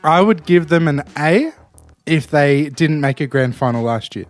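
An Australian man co-hosting a podcast from a hotel room, agreeable and quick to laugh, who talks himself around in circles. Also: a little high, lively intonation, soft background music. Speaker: podcast co-host. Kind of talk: casual chat.

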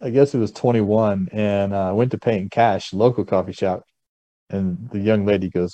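Mellow-voiced guest who keeps chuckling. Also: male voice, lowish voice, fairly even intonation, normal speed, no echo, highs cut off. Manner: chuckles often, blunt, walks through charts. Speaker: guest financial expert. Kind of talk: casual podcast conversation.

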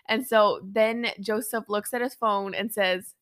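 A young woman co-hosting a podcast, telling a story in casual chat with lots of animated asides and laughter. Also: a little high, normal speed, smooth. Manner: chatty, animated, laughs often. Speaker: podcast co-host.

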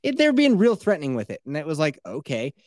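Animated, profane man telling a story. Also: high-pitched, fast talker, no echo. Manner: animated, profane, laughs often. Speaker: podcast co-host. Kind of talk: casual chat, storytelling.

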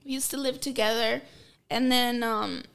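High-pitched woman guest, swears a lot, animated storytelling. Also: moderate pace, gravelly, smooth. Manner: blunt, profane, animated retelling. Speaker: podcast guest. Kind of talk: casual storytelling.

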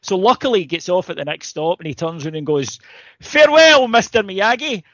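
A man with a Scottish accent, a podcast co-host telling stories in animated, casual chat. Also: on the high side, fast talker, dry recording. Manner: storytelling, animated, swears casually. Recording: slightly dull lo-fi, dry.

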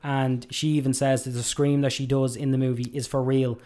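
A man's voice: mid-range voice, a little fast. A man, a father of a young child, chatting casually and thoughtfully about a movie, now and then acting out a quote. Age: young adult or 30s, a father of a two-year-old. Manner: relaxed, reflective, acts out quotes now and then. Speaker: podcast co-host.

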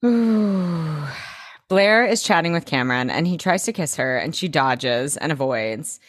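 Animated young woman podcast co-host. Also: low-pitched, no room sound, clean studio sound. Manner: animated, quick reactions, frequent "like". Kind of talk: casual chat recapping a TV episode.

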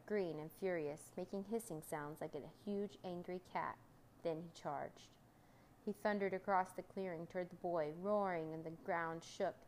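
Woman reading a children's story aloud. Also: low-quality recording. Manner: lively, voicing characters with raised pitch for shouts. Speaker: narrator.

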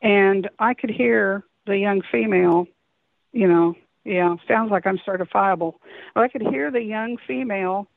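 Heard through a tinny, dry telephone line with no echo, a woman unhurriedly recounts an encounter as a caller. Her medium-pitched voice is gravelly, and her long story is hesitant and rambling, full of restarts.

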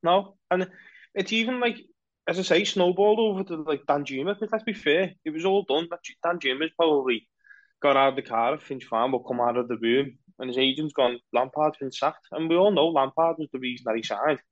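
A man co-hosting a casual football podcast, rambling through animated opinions. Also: a little high, a little fast, dry recording, dull audio. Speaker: podcast co-host.

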